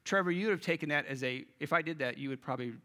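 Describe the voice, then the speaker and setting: Casting: male pastor, bright and forceful, a bit high, chatty preaching. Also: racing. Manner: conversational, addresses the congregation directly. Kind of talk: sermon.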